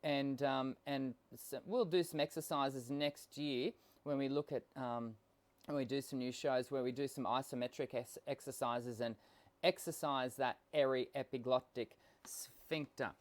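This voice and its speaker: A man's voice: medium pitch, steady tone, unhurried. An Australian man hosting a live singing lesson, talking casually with lots of ums and restarts while unwell and coughing now and then. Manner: chatty, explanatory, many fillers and restarts. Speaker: host and voice coach.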